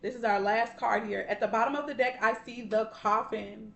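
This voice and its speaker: A woman's voice: a little high, fairly even intonation, moderate pace, gravelly. A woman giving a casual spiritual tarot reading to her viewers. She is chatty and heartfelt, calls them y'all and baby, and swears now and then. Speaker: tarot card reader. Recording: roomy echo.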